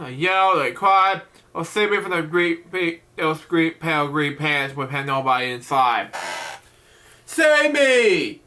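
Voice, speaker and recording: Here the picture book reading comes from a man whose voice is high and bright, and he repeatedly fumbles and restarts words. He breaks off often for easygoing asides about what's happening in the story.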